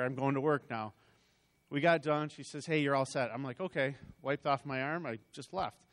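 A man's voice: medium pitch, clean tone. Man sharing a rambling church testimony. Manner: conversational, rambling with restarts and asides. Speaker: church member giving a testimony. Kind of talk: personal testimony told as a story.

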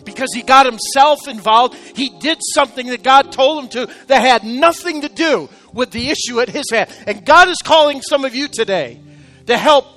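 A man preaching an emotional sermon to his congregation, urging them on and rising to shouted exhortation. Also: very high voice, expressive, normal speed, soft background music. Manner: calls out to congregation, repeats "come on". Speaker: pastor. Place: church sanctuary, live service.

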